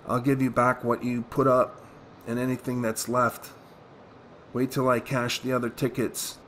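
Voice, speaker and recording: A man voicing an apologetic branch manager who tries to placate a customer, in a level, mid-pitched voice. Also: completely flat delivery, measured pace, a bit bright, slight background noise, lightly acted.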